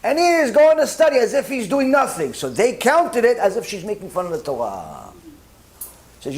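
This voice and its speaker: A man giving a Torah sermon as a rabbi, animated, acting out both sides of conversations and dropping in Hebrew religious terms. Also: sits high, normal speed.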